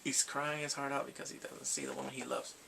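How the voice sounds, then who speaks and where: A man recapping a drama episode in a casual, excited way, acting out the characters' lines and his own reactions. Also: mid-range voice, quick pace, gravelly, a little hiss or hum. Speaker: drama reviewer.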